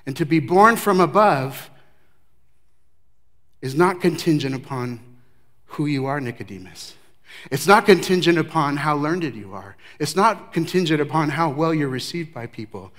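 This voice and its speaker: A man preaching a sermon verse by verse, emphatic, with his voice swinging from loud declarations to hushed remarks. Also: fairly high pitch, expressive, moderate pace. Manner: emphatic, varies loudness widely, drops to hushed tones. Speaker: pastor. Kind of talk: expository sermon.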